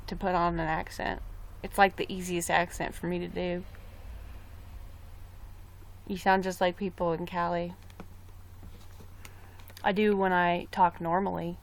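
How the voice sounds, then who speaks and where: A woman's voice: lowish voice, level tone, a little slow, long pauses. A young woman chatting casually on a live stream, rambling about a trip and reading viewer comments aloud. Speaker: livestreamer.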